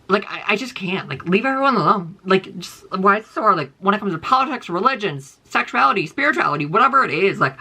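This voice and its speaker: Man vlogger, quick bright voice, swinging pitch, rambling profane rants at home. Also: vocal fry. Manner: rambling, profane, exasperated, heavy use of "like". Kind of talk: casual rant to viewers.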